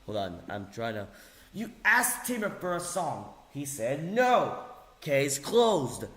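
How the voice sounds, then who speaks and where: A man's voice: a little high, sing-song, slow, fairly bright tone. A man giving an angry, sarcastic vlog rant, swearing and repeating phrases for emphasis. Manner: heated, sarcastic, profane. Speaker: vlogger. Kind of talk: angry ranting monologue.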